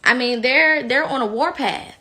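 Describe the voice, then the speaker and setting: A woman's voice: sits high, normal speed, pushed and bright. A woman giving heated, blunt opinion commentary, indignant and outspoken. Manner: slips into mocking impressions.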